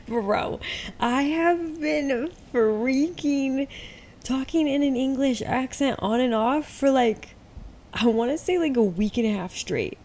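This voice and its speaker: A woman hosting a podcast in relaxed, rambling casual chat, a bit tired and high, full of fillers. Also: moderate pace, a little hiss or hum. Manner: laid-back, rambling, many fillers. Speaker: podcast host.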